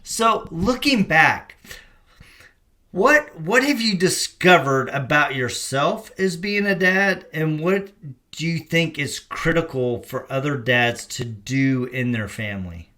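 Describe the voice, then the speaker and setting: Guy hosting a podcast, bright forceful voice, keeps cheering the guest on. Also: fairly high pitch, expressive, takes it slowly. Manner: encouraging, sums up the guest's points. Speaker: podcast host. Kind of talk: interview chat.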